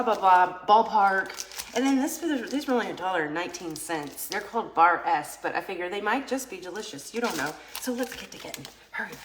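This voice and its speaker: A woman's voice: medium pitch, roomy sound, noisy background. A woman vlogging a casual product test, chatty and rambling, joking aside to her viewers. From United States. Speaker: vlogger product testing a vintage cooker.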